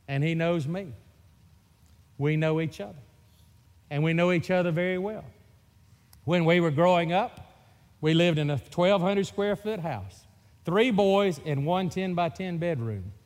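A middle-aged man with a Mississippi Southern accent preaches in a folksy, teasing storyteller's way. His voice sits a little high for a man. Long reverb from the church hall trails behind every phrase. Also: unhurried, long pauses. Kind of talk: sermon.

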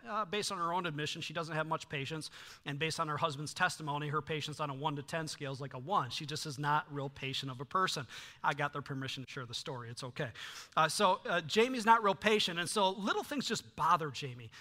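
Middle-aged male pastor, sermon delivery, high and sharply bright voice, animated storyteller. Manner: animated storytelling with frequent fillers and restarts.

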